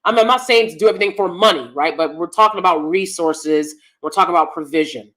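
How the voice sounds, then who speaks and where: Emphatic, low-voiced woman hosting a stream. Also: fast talker, fairly bright tone. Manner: emphatic, opinionated, repeats herself for stress. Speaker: host. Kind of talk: casual livestream chat, reading viewer comments.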